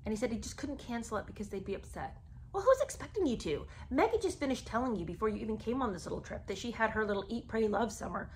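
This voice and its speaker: A woman's voice: medium pitch, fast talker, hardly any pauses, a little hiss or hum. A woman giving sarcastic, exasperated commentary on a memoir, talking in a chatty way to her viewers. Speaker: book commentary host.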